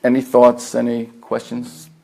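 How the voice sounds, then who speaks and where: A man with a New York accent, a therapist lecturing a meditation group, earnest and deliberate, stacking repeated phrases with fillers. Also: medium pitch, completely flat delivery, creaky, warm tone. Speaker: therapist giving a talk. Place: meditation center hall.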